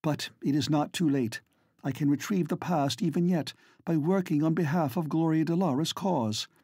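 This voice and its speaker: A man voicing a resolute, earnest aristocratic Edwardian lady in an audiobook, speaking with quiet determination. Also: a little high, moderate pace, husky, dry recording, clean studio sound, voice pushed up. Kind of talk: audiobook character reading.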